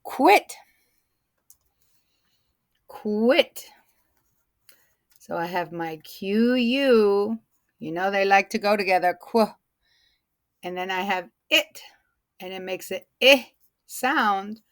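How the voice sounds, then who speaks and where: A woman teaches a phonics lesson at an unhurried, careful pace, drawing out and repeating each word for young learners. Her voice sits at an ordinary middle pitch and is recorded close and dry, with no room sound. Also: a bit bright, no echo. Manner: slow, deliberate, stretches and repeats words.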